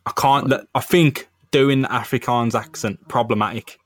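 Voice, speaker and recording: A young man co-hosting a podcast in casual, excitable chat full of jokes and swearing. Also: medium pitch, normal speed, no echo. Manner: excitable, joking, heavy swearing. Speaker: podcast co-host.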